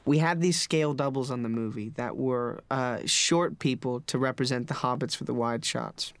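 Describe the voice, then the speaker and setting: A man's voice: medium pitch, steady tone, normal speed, no echo. A man telling amused stories about the film crew in an interview. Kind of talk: anecdotal interview.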